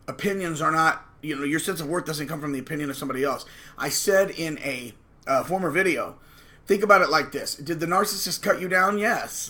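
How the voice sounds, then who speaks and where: A man's voice: fairly high pitch, sharp tone. A man hosting his channel, talking to camera in a combative, preachy and emphatic way. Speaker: channel host. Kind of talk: casual monologue to camera.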